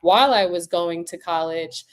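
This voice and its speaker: A woman's voice: lowish voice, normal speed. Storytelling woman from New York. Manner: storytelling, acts out quoted voices. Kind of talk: casual chat.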